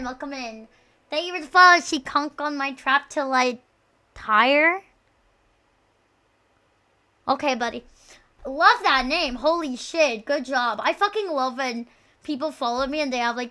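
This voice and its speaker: High, bright, profane woman streamer. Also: smooth. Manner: profane, rambling, playfully insulting; excitable, quick shifts between loud outbursts and mumbles. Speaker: live streamer. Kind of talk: casual live-stream chat.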